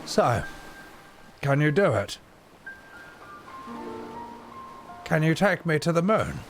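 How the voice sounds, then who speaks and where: A man voicing a frail dying old man in a video game playthrough, with soft, hesitant, old-fashioned politeness. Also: on the high side, big pitch swings, unhurried, pitched above the performer's own voice. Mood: wistful. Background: game music.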